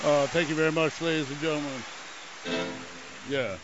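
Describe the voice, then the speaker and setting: A young man from New Haven, Connecticut hosts a radio show, his high voice holding fairly flat at a normal speed. He rambles, cracks jokes, and breaks into bursts of singing along. The lo-fi radio audio sounds dull, though the music behind him comes through clearly.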